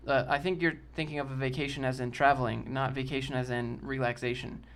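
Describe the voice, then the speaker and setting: A man's voice: medium pitch, little pitch movement, brisk. A man in casual live-stream chat, answering chat in a blunt, joking, brash way. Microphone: desk mic with a sock over it.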